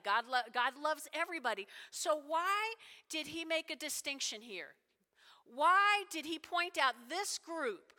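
A woman preaching a sermon, animated and conversational, asking the congregation questions. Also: sits high. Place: church sanctuary. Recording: long reverb of a large hall.

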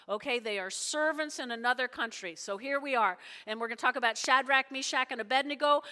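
Woman preacher, high and bright, emphatic conversational sermon, hall reverb. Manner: conversational, emphatic, checks in with "okay?".

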